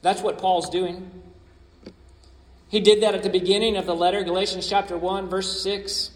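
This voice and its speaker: A man's voice: high-pitched, flat delivery, moderate pace. A man preaching a sermon as pastor, emphatic and repeating his key phrases. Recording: echoey hall.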